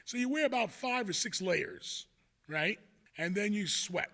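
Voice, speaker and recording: A man's voice: high-pitched, animated, a little slow, gravelly, bright, forceful tone. A man in his sixties with a New York accent tells an old school story in a casual, rambling way, with lots of "you know" asides. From New York City, the Bronx.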